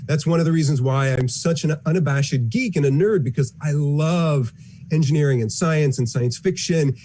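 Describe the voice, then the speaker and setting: A man's voice: a little high, moderate pace, dark tone, slight background noise. A man in an interview, talking about engineering and the future with earnest enthusiasm. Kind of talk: interview answers.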